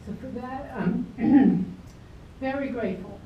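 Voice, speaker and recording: A woman giving an earnest, slightly nervous eulogy to a crowd in a club hall, her voice a little high. She is heard from far off in an echoey room. The recording is dull with a faint background hiss. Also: slow. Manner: earnest, grateful, a bit nervous. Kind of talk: prepared speech at a memorial. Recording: roomy, distant, dull amateur video.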